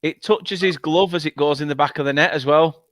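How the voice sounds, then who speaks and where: A man giving excitable live watchalong commentary on a football match, swearing freely when frustrated. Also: on the high side, brisk, dry recording. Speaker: fan channel co-host.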